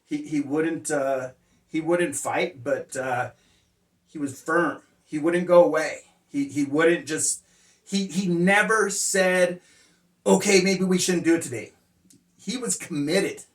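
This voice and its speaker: A man telling personal stories as life lessons in a casual, rambling way, full of "uh" fillers and blunt, profane language. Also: on the high side. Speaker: motivational speaker sharing life lessons. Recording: roomy sound, distant mic.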